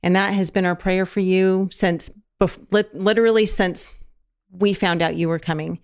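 A woman's voice: on the low side, fairly even intonation, moderate pace, a little mellow. A woman in her thirties hosting a podcast, chatting fondly with her daughter and laughing often. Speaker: podcast host. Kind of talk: casual podcast chat.

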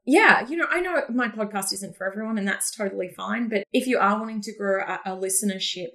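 Energetic woman with a Queensland accent. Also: mid-range voice. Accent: Queensland Australian. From Australia. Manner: energetic storyteller who laughs often. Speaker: podcast guest, business coach. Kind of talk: casual interview chat.

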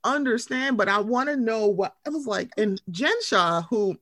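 A woman co-hosting a podcast, chatting emphatically and swearing freely, jumping up in pitch when she quotes people. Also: normal speed, no echo, clean studio sound. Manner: animated, emphatic, profane, swoops up when quoting. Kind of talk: casual chat.

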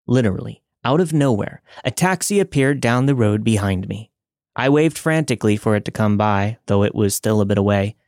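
Male podcast narrator, low register, dramatic measured storytelling, dry close recording. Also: darkish tone, dry recording. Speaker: podcast host reading listener stories. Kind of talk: scripted narration.

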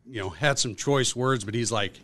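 A man as a podcast guest, telling a workplace story in a casual, animated way with lots of fillers. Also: mid-range voice, normal speed. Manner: animated storyteller, acts out quotes, many fillers.

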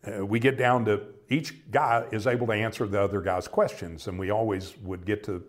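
An older American man telling a personal story in a reflective, halting way, often quoting conversations. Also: fairly low pitch, steady tone. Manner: reflective, halting, with many restarts and quoted dialogue.

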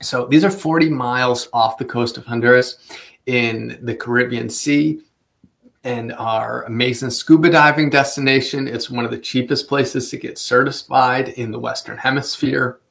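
A man's voice: medium pitch, fairly even intonation, normal speed, vocal fry, a bit bright. A man talking casually as a travel vlogger, giving tips in a chatty way with many fillers and careful Spanish pronunciation. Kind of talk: casual travel guide talk.

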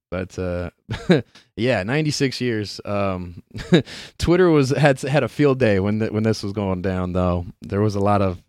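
A man's voice: on the low side, clear, resonant tone, no room sound, studio quality. A man hosting a live-streamed podcast in a loose, rambling way, laughing often and swearing casually.

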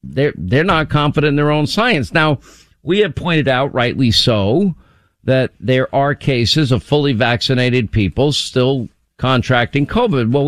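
A male talk radio host speaking into a close studio microphone, brisk and emphatic in his delivery. His voice sits at a middle pitch and comes across dry and close, with no room sound behind it. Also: no echo. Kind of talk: opinionated talk radio commentary.

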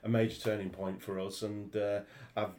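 An older man with a fairly low voice. He talks in a measured, halting way, often repeating words as he goes. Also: little pitch movement, darkish tone. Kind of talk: casual chat.

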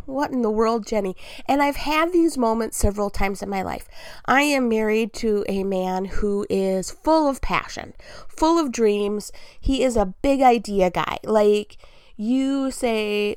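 A woman's voice: on the high side, dry recording. Chatty woman, candid and laughing. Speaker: podcast host. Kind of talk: casual solo podcast talk.

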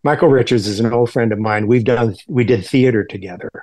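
A man being interviewed as a guest actor, talking in a halting way with many restarts and fillers. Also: medium pitch, a little mellow. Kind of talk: casual interview chat.

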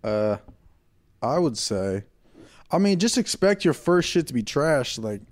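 Animated young guy, lively casual chat. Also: unhurried, dry recording, studio quality. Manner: animated, acts out bits in high silly voices. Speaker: co-host of a comedy livestream.

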